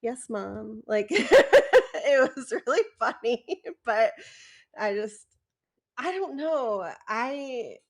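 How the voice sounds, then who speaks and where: A woman's voice: sits high, very animated, drawn-out words. A woman in a spiritual community, talking in a gushing, heartfelt and giggly way on a video call. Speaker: community member. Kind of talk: casual group video chat.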